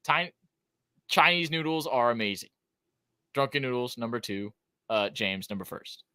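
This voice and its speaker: Male podcast co-host, bright and dry-miked, emphatic opinionated chatter. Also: medium pitch, expressive, moderate pace, clear, resonant tone, no echo. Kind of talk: casual chat.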